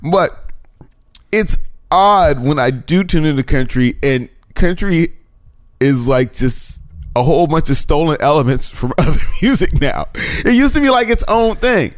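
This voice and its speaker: Animated, high-voiced man on a podcast. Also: measured pace. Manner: animated, profane, laughs often, restarts sentences. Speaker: podcast co-host. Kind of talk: casual podcast banter.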